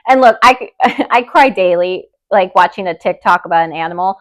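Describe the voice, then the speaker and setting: A young woman hosting a podcast, reading listener stories aloud and chatting in an expressive, openly emotional way. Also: on the low side, moderate pace. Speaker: podcast host.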